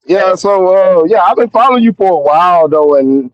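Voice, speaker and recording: A man's voice: high voice, animated, fairly quick, dry recording. A man in his forties calls in from his car on a dull, muffled phone line. He talks casually and rambles with lots of "you know" fillers. The sound is dry. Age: 40s. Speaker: caller. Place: his parked car at work.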